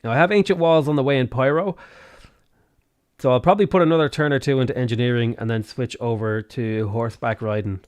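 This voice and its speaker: Dublin Irish male streamer, casual live commentary, quick to swear at the game. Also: medium pitch, a little mellow, clear, resonant tone. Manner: chatty, swears freely, bursts of exasperation.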